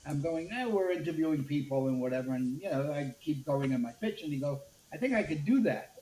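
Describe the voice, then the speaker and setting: A man's voice: a little high, a little fast. Older New man telling stories. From Brooklyn, USA. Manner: animated storyteller acting out dialogue. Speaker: guest, media executive. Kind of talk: anecdotal storytelling interview. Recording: roomy echo with faint background noise.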